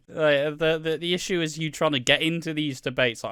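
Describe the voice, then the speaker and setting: Bright, sweary man from Wales. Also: on the high side, unhurried, long pauses, clear, resonant tone, no echo, clean studio sound. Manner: profane, rambling, laughs often. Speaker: podcast co-host. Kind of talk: casual chat.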